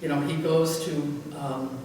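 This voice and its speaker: Her voice low and warm, with fairly even intonation and no hurry, an older woman pastor rambles through church stories in conversation, chuckling often and using lots of fillers. The mic sits far away in an echoing church hall, catching faint noise.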